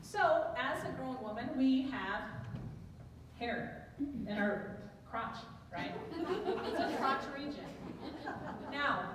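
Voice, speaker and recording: A woman doing a stand-up comedy set, telling bawdy, self-mocking stories to a live audience. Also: a little high. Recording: echoey hall, distant mic, noisy crowd. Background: audience laughter.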